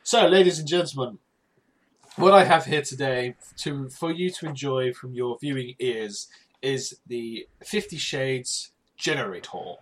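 A man's voice: medium pitch, measured pace. A man co-hosting a comedy podcast, chatting casually, often repeating his words and laughing. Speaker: podcast co-host.

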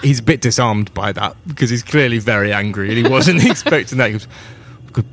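A man runs a tabletop game, describing scenes in an easy, unhurried way. His voice sits at a middle pitch, and he often chuckles between lines. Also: fairly bright tone. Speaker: game master.

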